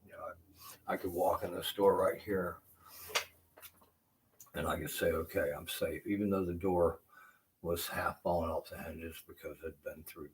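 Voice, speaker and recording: A man's voice: low voice, level tone, moderate pace, pauses often. An older man streaming from his house, rambling, cursing and apologizing for it in frustration. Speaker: vlogger. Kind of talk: rambling live-stream talk. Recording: distant, noisy home recording.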